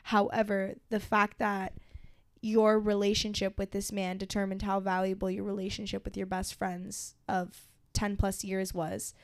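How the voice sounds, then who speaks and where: Co-hosting a relaxed podcast, this twenty-something woman recounts something personal with emotional candor, swearing and using plenty of filler words. Her medium pitch comes out completely flat at normal speed, in a dry, clean studio recording.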